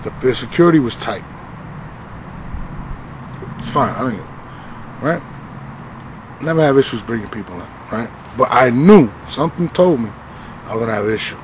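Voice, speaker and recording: A man's voice: mid-range voice, expressive, normal speed, long pauses, slight background noise, low-quality recording. A man telling a heated story as an interview guest, emphatic and profane, checking in with "right?" as he goes. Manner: emphatic, profane, with repeated "right?" and "you feel me?" tags.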